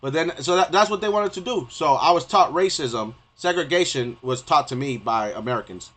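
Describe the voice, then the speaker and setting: A male streamer delivering a rambling, profane rant live, constantly repeating filler phrases and getting loud and heated at times. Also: a little high, lively intonation, brisk. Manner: profane, rambling, repeats "you know what I mean".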